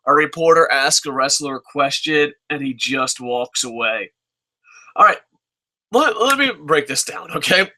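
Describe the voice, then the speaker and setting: A young man delivers a profane, sarcastic review of a wrestling show, venting his frustration with constant swearing. His voice sits high and bright. He sounds exasperated and keeps driving his point home. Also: animated, unhurried.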